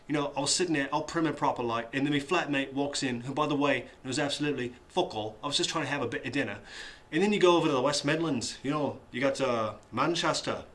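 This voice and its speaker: A man's voice: medium pitch, fairly bright tone. A man comedian running through accents in a loose, rambling way.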